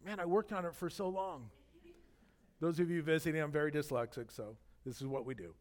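A middle-aged man, a pastor, delivering a sermon in a conversational, animated storytelling manner with jokes and asides. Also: a little high, brisk.

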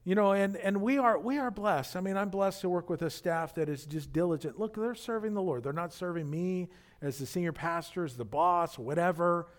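A man's voice: high-pitched, moderate pace. A man, the senior pastor, preaching a conversational sermon full of fillers and restarts.

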